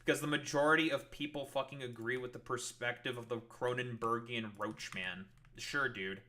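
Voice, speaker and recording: A man's voice: medium pitch, steady tone, moderate pace, sharp tone. A male streamer ranting at his chat in a profane, sarcastic, exasperated way. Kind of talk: heated livestream rant at chat.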